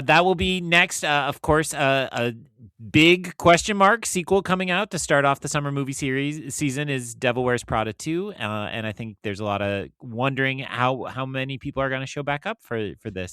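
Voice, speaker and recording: A man's voice: medium pitch, normal speed, sharp tone, smooth, no room sound. A man hosting a casual podcast chat, joking and laughing as he talks. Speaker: podcast host.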